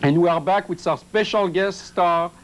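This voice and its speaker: A man's voice: high voice, normal speed, low-quality recording. A man hosting a cooking show, giving short upbeat replies and dropping in French phrases.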